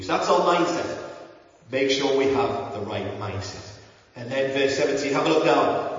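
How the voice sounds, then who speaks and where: A man preaching a sermon in an earnest, conversational way, with frequent ums and restarts. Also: mid-range voice. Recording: roomy, echoey hall, mic at a distance, dull sound.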